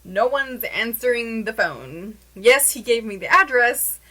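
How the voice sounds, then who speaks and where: A young woman telling a story to her camera in a casual, animated way, with many "like" fillers. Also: fairly high pitch, measured pace, rough recording. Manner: chatty, animated, lots of "like" fillers.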